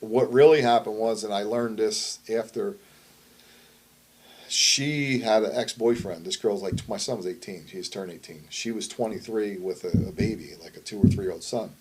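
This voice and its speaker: A middle-aged man with a somewhat low voice, sitting for a shoot interview about his life in wrestling. His talk is blunt and rough, full of profanity, and it rambles from one thought to the next. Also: darkish tone, a little hiss or hum. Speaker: wrestler and promoter.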